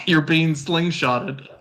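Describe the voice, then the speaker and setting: Bright-voiced man running a tabletop game. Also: on the high side, extremely slow, rough recording. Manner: laughs often while narrating. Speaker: game master.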